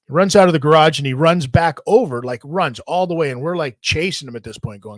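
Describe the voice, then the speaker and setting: A man hosting a podcast, telling a long story in a rambling, profane, animated way. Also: a little high, fast, few pauses, no echo. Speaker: podcast host. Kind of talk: casual storytelling.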